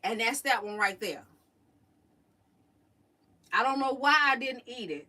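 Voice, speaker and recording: A middle-aged woman, chatting and telling stories to her live chat, animated and drawling. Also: fairly high pitch, takes it slowly, pauses often. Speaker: livestream host. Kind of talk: casual storytelling to a live chat. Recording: voice a little distant from the mic.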